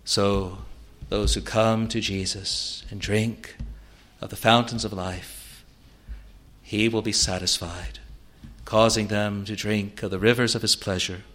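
A man preaching a sermon, earnest, swelling loud on key words and then dropping to a soft, quiet close. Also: fairly low pitch, fairly even intonation, takes it slowly.

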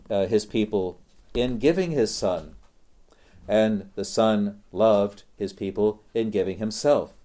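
A man preaching a sermon, slow and deliberate, repeating phrases for emphasis. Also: on the low side, dark tone.

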